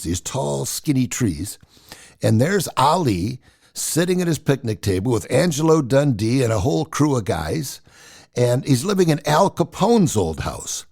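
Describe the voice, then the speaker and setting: An older man in his sixties with a gravelly edge spins personal stories in a casual, chatty way. His voice rises and falls freely as he tells them. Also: mid-range voice. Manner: animated, chatty storyteller. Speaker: storyteller.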